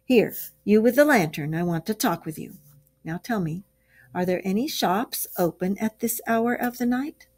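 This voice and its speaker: Hearty, masterful male rat, quick to give orders, read by a woman. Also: medium pitch, darkish tone, lightly acted. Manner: hearty, commanding.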